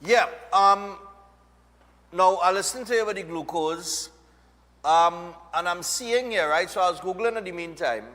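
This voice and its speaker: A Trinidadian man hosts a casual chat in a slightly high voice, often checking in with "right?". His voice carries a lingering reverb. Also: a little slow, bright, forceful tone. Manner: conversational, tags lines with "right?". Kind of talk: casual talk show chat. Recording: reverberant room.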